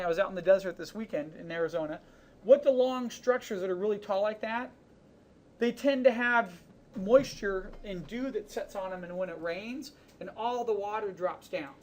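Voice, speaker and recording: Casual male art instructor narrating his painting. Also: a little hiss or hum. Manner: relaxed, talks while painting, narrates each brush stroke; casual, with fillers like "boom" and "you know". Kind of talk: screen-recorded art lesson.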